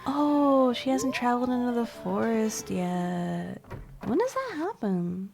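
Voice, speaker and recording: A woman's voice: fairly high pitch, sing-song, slow, gravelly. A young woman streaming a video game, chatting in a rambling, giggly way and swearing casually. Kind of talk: casual gameplay chat. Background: game music.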